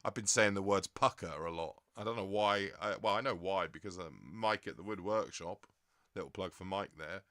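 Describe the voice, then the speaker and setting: A man's voice: low-pitched, normal speed, a bit bright, dry recording, studio quality. An English man hosting a stream in a casual, rambling way, reading out viewer comments and laughing often. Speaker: livestream host.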